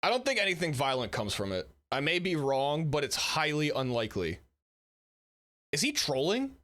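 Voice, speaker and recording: A man's voice: a little high, wildly swooping pitch, normal speed, fairly bright tone. A man streaming while sick, giving casual and sarcastic commentary as he reacts to a video. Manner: sarcastic, blunt, chatty.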